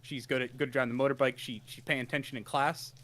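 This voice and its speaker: A man's voice: medium pitch, fairly even intonation, fast, a bit bright. A man co-hosting a casual anime podcast, retelling episodes with lots of restarts and amused laughs. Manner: rambling, many restarts, laughs at his own retelling. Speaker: podcast co-host. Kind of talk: casual anime review chat.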